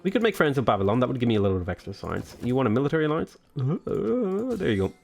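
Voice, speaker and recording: A gaming video host with a mid-range, creaky, slightly mellow voice talks very fast and very animatedly through a casual let's play. He jokes and rambles with plenty of fillers as faint game music plays.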